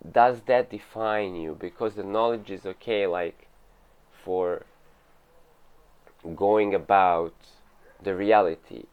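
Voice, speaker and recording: A man's voice: fairly low pitch, clean tone. A man giving a casual spiritual talk about meditation, rambling loosely with lots of fillers and asides. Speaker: meditation teacher. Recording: narrow phone-like sound.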